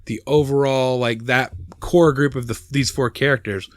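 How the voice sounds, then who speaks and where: A man co-hosts a podcast in casual chat, rambling with many fillers and restarts. His medium-pitched voice stays steady at normal speed, and the recording is dry.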